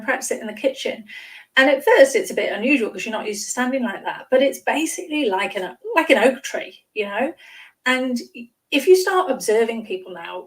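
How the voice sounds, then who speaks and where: A woman speaking coach chatting on a video call, lively and acting out examples with little exclamations. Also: medium pitch, far from the mic, rough recording. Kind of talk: casual chat on a live stream.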